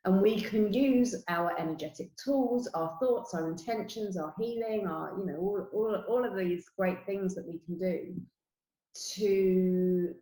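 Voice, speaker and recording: A woman's voice: mid-range voice, unhurried, warm tone, reverberant, rough recording. A middle-aged woman with a London accent, explaining her spiritual work earnestly as an interview guest, with many "you know" asides.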